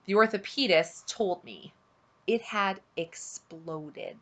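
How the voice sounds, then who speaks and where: A woman reading a novel aloud at home, unhurried and dramatic, dropping to a hush at tense moments. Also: mid-range voice. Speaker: audiobook reader on her channel.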